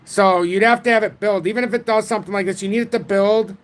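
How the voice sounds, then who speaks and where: A man in his forties hosting a casual livestream about crypto charts, talking in an excitable, rambling way from home. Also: sits high, fast. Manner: rambling, excitable, self-taught trader talk.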